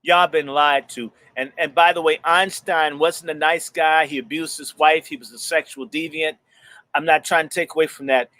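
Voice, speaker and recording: A man's voice: on the high side, flat delivery, moderate pace, sharp tone. A male host talking with heat and emphasis, repeating phrases for force, and reading passages aloud from a book.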